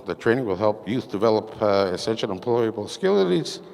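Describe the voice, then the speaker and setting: A man giving a council portfolio report at a community meeting, halting with many fillers and reading from his notes. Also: on the low side, big pitch swings, creaky, a little mellow. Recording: echoey meeting hall reverb.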